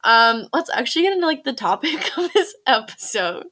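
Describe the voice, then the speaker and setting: A young woman with a slightly high voice co-hosts a relaxed podcast. She chats loosely, laughs often and leans on fillers like "like" and "um". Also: brisk. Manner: giggly, chatty, filler-heavy. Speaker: podcast co-host. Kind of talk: casual chat.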